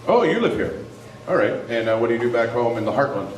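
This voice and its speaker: Stand-up comic working the crowd. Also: male voice, medium pitch, quick pace, recorded from a distance. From Canada. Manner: animated, swings into loud put-on voices and rants. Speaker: stand-up comedian. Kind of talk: live stand-up with crowd work. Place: comedy club stage. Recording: roomy live club recording from off-mic, audible noise.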